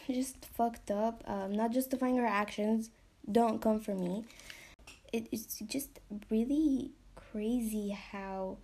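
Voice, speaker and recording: A young woman hosts a podcast casually and ramblingly, packing in fillers and swearing and now and then slipping into a whisper. Her voice is a little high, mellow, and slightly rough.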